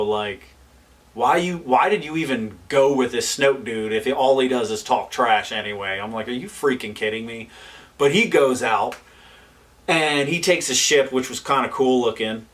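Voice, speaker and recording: A man rants through a casual movie review, loose and animated, piling up fillers as his frustration builds. His voice sits at an ordinary middle pitch. He is recorded slightly away from the microphone. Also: distant mic. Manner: animated, exasperated ranting with fillers. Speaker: film reviewer.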